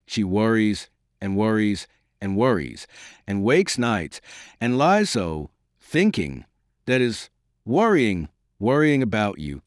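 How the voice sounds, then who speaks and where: A fond old peasant father in an audiobook, rambling homely and worried, as a man reads him in a low voice. The lines rise and fall with lively pitch, recorded close and dry. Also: slow, no echo.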